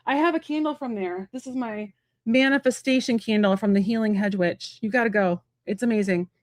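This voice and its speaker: A woman giving a live-stream tarot reading from home, talking fast and rambling in a chatty way with many fillers. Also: on the high side, a little mellow, no echo, clean studio sound. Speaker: psychic medium and tarot reader.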